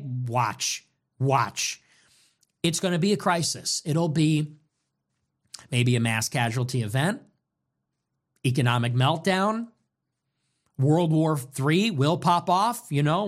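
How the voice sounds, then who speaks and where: Young male host, fiery political rant, lots of rhetorical questions, swings his pitch all over. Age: young adult. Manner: ranting, rapid-fire rhetorical questions, profane. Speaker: show host. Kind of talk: political monologue.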